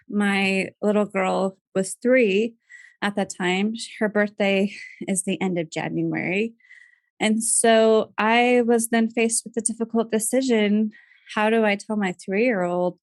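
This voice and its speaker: Woman guest, 30s, soft-spoken personal storytelling, dry close sound. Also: medium pitch, no echo. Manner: soft-spoken, laughs through tears. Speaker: podcast guest.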